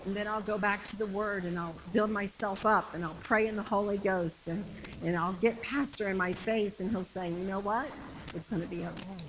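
A woman's voice: medium pitch, fairly even intonation, moderate pace, background noise. A middle-aged woman preaching a sermon in a conversational, emphatic way, repeating phrases to build up her point, with a congregation answering her.

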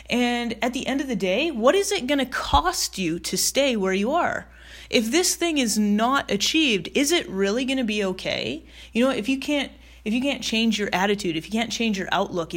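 A woman delivers a motivational talk in a direct, conversational way. She presses her points with repeated rhetorical questions and loose, casual phrasing. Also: fairly high pitch. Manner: emphatic, repetitive, direct address with rhetorical questions; casual with fillers and mild swearing. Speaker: motivational speaker.

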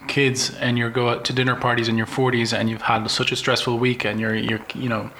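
A man co-hosting a podcast in casual chat, relaxed and easygoing, sometimes swearing in passing. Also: medium pitch, fairly quick, a little hiss or hum, low-quality recording. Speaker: podcast co-host.

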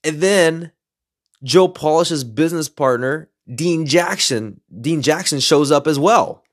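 A man casually telling a story as a podcaster, excited and animated, acting out what people said. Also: fairly high pitch, slow, no room sound, clean studio sound. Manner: excited, animated retelling with quoted voices.

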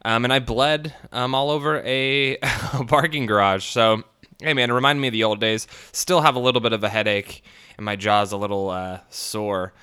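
A man's voice: mid-range voice, normal speed, sharp tone, clear, resonant tone. A man hosting a podcast solo, rambling with many fillers and crude jokes, talking through a swollen split lip. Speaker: podcast host. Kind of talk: casual podcast monologue.

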